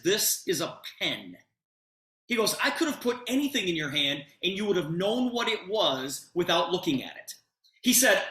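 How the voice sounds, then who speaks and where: Animated man telling a story, echoey room. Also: high-pitched. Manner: retells the conversation with plenty of expressive emphasis. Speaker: presenter telling a personal story.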